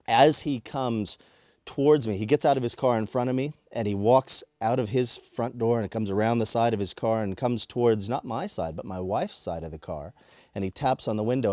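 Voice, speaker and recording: A man, a preacher, telling a personal story in a lively way and acting out what people said. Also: medium pitch, no room sound, studio quality. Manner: lively retelling with acted-out quotes. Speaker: preacher and workshop presenter.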